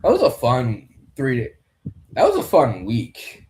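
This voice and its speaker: A man's voice: medium pitch, huge pitch swings, unhurried, a little mellow, slight background noise. A young man hosting a casual fight commentary, rambling loosely and swearing now and then. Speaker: podcast host commentating a fight card.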